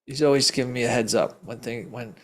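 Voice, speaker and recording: A man's voice: medium pitch, fairly quick. A man who teaches investing, answering audience questions live in an emphatic, rambling storytelling way, often laughing. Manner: rambling, restarts sentences often. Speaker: investing educator.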